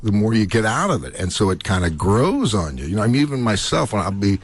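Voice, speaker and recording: A middle-aged actor being interviewed on the radio, telling animated stories full of laughter and acted-out quotes. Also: male voice, fairly low pitch, fast talker, breathy edge. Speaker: guest actor.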